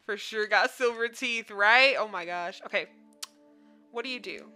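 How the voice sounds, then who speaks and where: A woman's voice: a little high, normal speed, pushed and bright, faint music behind. A woman streamer giving casual commentary on her gameplay, playful and full of slang, teasing other players and laughing often. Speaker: gaming streamer.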